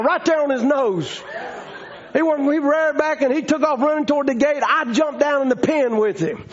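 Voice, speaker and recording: A man preaching a storytelling sermon, folksy and rising to shouting fervor. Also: very high voice, moderate pace, crowd noise. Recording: dull lo-fi sound.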